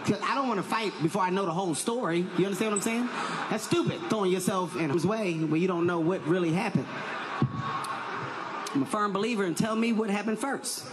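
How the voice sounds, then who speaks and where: A man doing a stand-up comedy set, loud and animated, often shouting his punchlines. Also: high-pitched, quick pace, noisy background.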